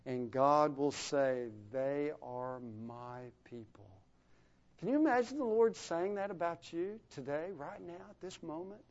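A man's voice: fairly high pitch, animated, normal speed, few pauses. Preacher man with a dull lo-fi sound. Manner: rising and falling in volume for emphasis, dropping to a hush. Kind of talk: sermon. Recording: dull lo-fi recording.

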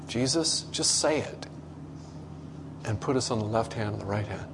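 A man preaching a sermon to a congregation in a conversational way, acting out quoted voices with big swings in pitch. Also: unhurried, noisy background. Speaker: pastor.

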